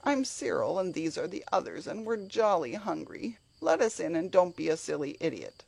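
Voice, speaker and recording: A woman's voice: on the low side, sing-song, moderate pace, vocal fry, a little mellow, husky, exaggerated voice. A woman voicing a cheeky, blunt young boy in a storybook reading. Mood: impudent. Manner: blunt, impudent.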